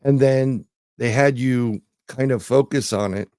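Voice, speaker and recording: Unhurried and mellow, the mid-range voice belongs to a man from New York City who joins as a guest and remote viewer. He spins rambling anecdotes in casual interview conversation, stopping and restarting with lots of fillers, in studio-quality audio with no echo.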